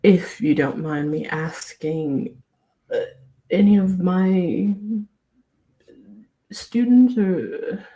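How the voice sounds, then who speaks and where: A woman's voice: fairly low pitch, very slow, long pauses, mellow. A woman voicing a polite, hesitant male teacher in a tabletop game. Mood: concerned. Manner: courteous, hesitant.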